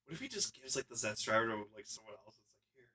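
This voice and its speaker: A man co-hosting a casual fan podcast, excitable and sweary in his reactions. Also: medium pitch, quick pace, slightly rough. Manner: excitable, animated, swears a lot. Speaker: podcast co-host.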